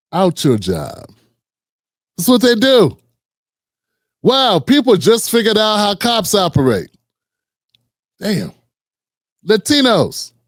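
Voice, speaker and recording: Mocking high-voiced male commentator. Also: no room sound, studio quality. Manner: mocking, slangy, puts on voices to mimic. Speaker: political commentary host. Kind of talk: casual reaction commentary.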